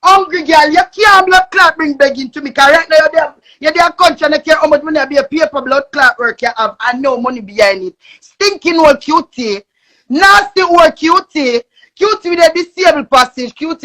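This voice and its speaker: A young woman with a Jamaican accent ranting angrily on a live stream, cursing and shouting. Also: high-pitched, animated, fairly quick. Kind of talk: angry live-stream rant.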